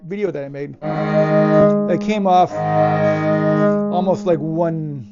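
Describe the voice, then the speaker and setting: Hesitant man teaching cello over loud music. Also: high voice, very slow. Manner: thoughtful, hesitant, with fillers and restarts. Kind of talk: casual music lesson talk. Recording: dull lo-fi audio with loud cello playing.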